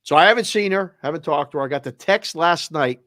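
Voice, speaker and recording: A middle-aged sports betting show host with a Boston accent animatedly tells a heartfelt family story, doing the quoted voices. His voice is a little high, brisk and a bit bright, recorded in studio quality with no room sound.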